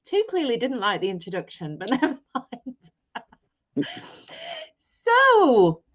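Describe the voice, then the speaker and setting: A woman's voice: a little high, wildly swooping pitch, slow pace, muffled recording. A married woman co-hosting a live stream from a caravan, chatting casually with giggles and playful teasing. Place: caravan in mid Wales, rain outside.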